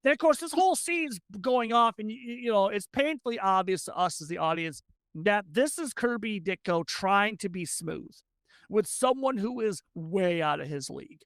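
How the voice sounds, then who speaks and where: Gravelly-voiced tabletop game master. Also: medium pitch, animated, a bit bright, dry recording. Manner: rambling, quick, many restarts.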